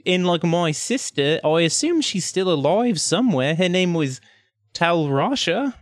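A man playing in a tabletop game, speaking in character in a halting way full of fillers. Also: high-pitched, very animated. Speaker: player.

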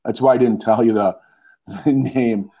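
A man's voice: medium pitch, fairly even intonation, moderate pace, crowd noise. A man co-hosting a casual podcast, laid-back and hesitant with many ums. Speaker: podcast co-host. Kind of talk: casual chat.

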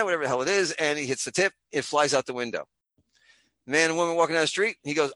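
A man guesting on a podcast, telling long stories and jokes in a loud, theatrical, rambling way. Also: fairly high pitch, fast, dry recording. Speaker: comic creator and guest. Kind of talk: animated storytelling and joke telling.

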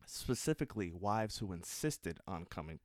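A man's voice: sits low, animated, normal speed, no room sound, studio quality. A man hosting a casual chat, telling folk tales in a loose, profane way and laughing often.

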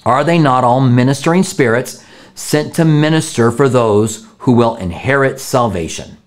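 A man's voice: medium pitch, moderate pace. A man, a pastor earnestly answering viewer questions in a conversational teaching style, often repeating words for emphasis.

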